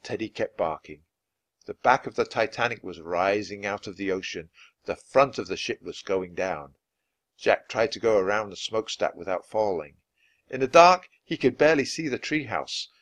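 A man reading a children's book aloud, with expressive, lively narration. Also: on the low side, normal speed, dry recording. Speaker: storyteller.

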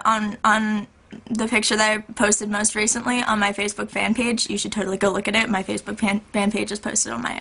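A woman's voice: mid-range voice, sharp tone. A young woman in her twenties chatting casually to her viewers in a hyper, rambling, giggly way. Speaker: YouTuber. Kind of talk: casual vlog chat.

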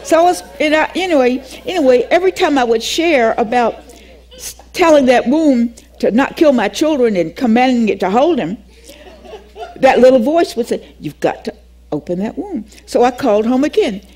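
An older woman teaching a Bible class, telling a personal story in an animated way, acting out the dialogue and laughing often. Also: high voice, normal speed.

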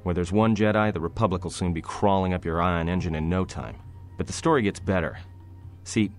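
An actor playing a sarcastic, roguish young prisoner in a video game, with a low, gruff voice and dry, cocky delivery. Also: male voice, lightly acted. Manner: wry, cocky, dry jokes. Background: game music.

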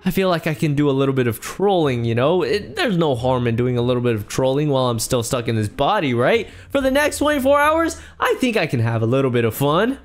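A young man hosting a Minecraft roleplay, chatty and animated, jumping into panicky yelps. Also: mid-range voice, quick pace, hardly any pauses. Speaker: YouTube roleplay host.

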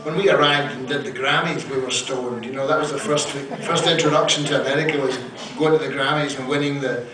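A man's voice: mid-range voice, fairly even intonation, a little fast, music in the background. A man telling profane, self-mocking stories between songs at a live concert, laughing at his own jokes. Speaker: singer-songwriter performing live. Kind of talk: onstage storytelling banter. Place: theater stage, live concert. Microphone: stage mic. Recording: echoey theater, distant mic, loud crowd.

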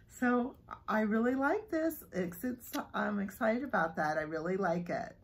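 A woman filming a casual unboxing vlog, gushing and giggling excitedly as she talks. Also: fairly high pitch, slightly rough, low-quality recording. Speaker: vlogger unboxing a subscription box.

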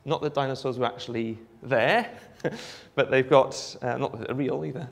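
A Welsh man giving a live demonstration of a phone app, explaining in a relaxed way with frequent ums. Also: medium pitch, normal speed, gravelly. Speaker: app developer giving a presentation. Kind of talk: live product demo talk.

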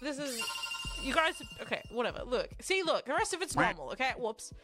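With music in the background, an Australian woman chats to her livestream viewers at a slightly fast clip. She's excitable and rambling, curses a lot, and has a high voice.

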